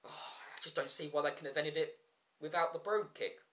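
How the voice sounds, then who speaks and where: A man's voice: fairly high pitch, brisk, bright, forceful tone. A man giving a casual solo review vlog, frustrated and ranting, with many ums and restarts and sarcastic asides. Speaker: wrestling show reviewer.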